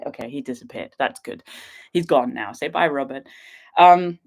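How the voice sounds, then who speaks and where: A woman's voice: a bass voice, moderate pace. A young woman from England chatting bubbly and giggly to her livestream viewers from a sofa at her father's house, a little sniffly from a cat allergy. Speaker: outdoor vlogger hosting a livestream. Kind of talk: casual livestream chat to viewers.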